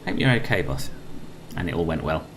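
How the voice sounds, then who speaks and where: A man's voice: rumbling low, animated, brisk, noisy background. A man chatting casually on a flight sim live stream, greeting viewers between tasks.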